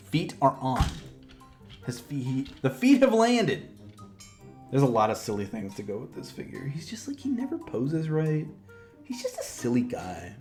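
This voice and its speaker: A man's voice: medium pitch, a little mellow. A man chatting playfully in a casual toy review vlog, joking at himself while he assembles a figure. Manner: playful, goofy, self-mocking chatter; talks while handling a toy.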